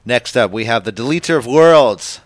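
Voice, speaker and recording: A man's voice: medium pitch, lively intonation, moderate pace, no echo. A man co-hosting a casual wrestling podcast, leading the rundown in a rambling way with lots of fillers. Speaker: podcast co-host. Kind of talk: casual wrestling recap chat.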